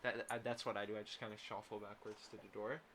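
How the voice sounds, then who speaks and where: A man's voice: lowish voice, flat delivery, quick pace, fairly bright tone, a little hiss or hum. A young man playing a tabletop role-playing game, talking hesitantly with many fillers and restarts. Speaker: player. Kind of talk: casual tabletop role-play.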